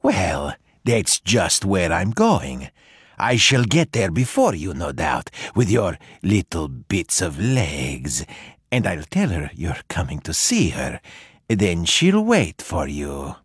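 A man voicing a sly, hungry male wolf who talks slowly and coaxingly. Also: huge pitch swings, husky, dry recording, clean studio sound, heavily acted. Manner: slow, low and coaxing.

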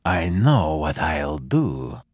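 A man voicing a sly, hungry male wolf who talks slowly and coaxingly. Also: very animated, darkish tone, breathy edge, no echo, studio quality, full character voice. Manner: slow, low and coaxing.

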